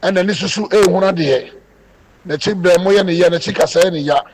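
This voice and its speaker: Fervent high-voiced prophet. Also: male voice, fast, darkish tone, poor audio. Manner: fervent, commanding, leads repeat-after-me prayers. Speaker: prophet leading a healing service. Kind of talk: healing prayer and call-and-response. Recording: background noise.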